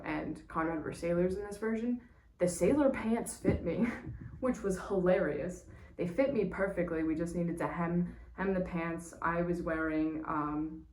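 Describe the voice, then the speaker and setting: Woman, casual storyteller, lowish voice, distant mic, roomy echo, faint background hum. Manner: lively, quick, with small laughs and restarts. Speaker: stage manager and technician.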